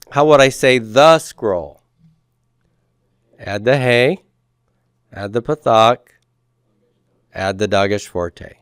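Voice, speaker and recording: A man's voice: medium pitch, no echo, studio quality. A man teaching Hebrew grammar to a class, patiently explaining and asking students to repeat words after him.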